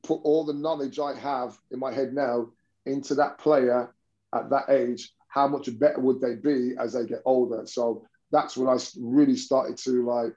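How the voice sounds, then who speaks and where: Rambling man, mellow tone. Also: medium pitch, fairly even intonation, normal speed, dull audio. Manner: rambling with many restarts. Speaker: basketball coach. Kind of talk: conversational interview storytelling.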